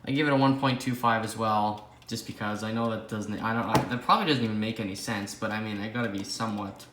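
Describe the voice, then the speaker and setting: Fast-talking and steady in tone, this young Canadian man has a fairly low voice. He collects clocks and hosts a casual vlog from a room where they tick away, rambling to himself with self-deprecating jokes, captured with roomy echo and faint noise.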